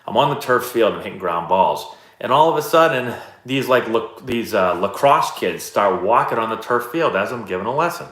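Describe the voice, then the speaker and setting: A man in his thirties hosting a live stream, answering chat questions in a relaxed, rambling, self-deprecating way. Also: lowish voice, moderate pace. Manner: laid-back, rambling, self-deprecating storyteller. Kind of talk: casual chat. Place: indoor room, live stream. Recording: roomy echo.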